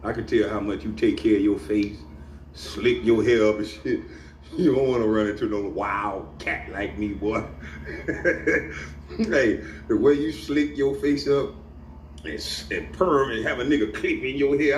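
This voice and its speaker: A man's voice: mid-range voice, unhurried, a little hiss or hum. A middle-aged man rants to camera. He is profane and taunting, and he laughs at his own jabs. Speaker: vlogger. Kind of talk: confrontational rant to camera. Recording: echoey room, off-mic, faint ambience.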